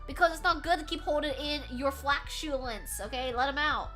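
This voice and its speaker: A woman streamer chatting casually with her viewers from a room at home while doing crafts, animated and swearing freely as she reacts loudly to chat. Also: high voice, moderate pace, soft background music.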